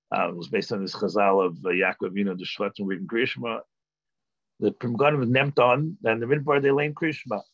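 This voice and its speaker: Rabbi lecturing, halting restarts, lo-fi. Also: male voice, lowish voice, fairly bright tone, no echo. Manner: thinking aloud, halting with restarts and filler sounds. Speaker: rabbi teaching a class. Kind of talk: text-study lecture.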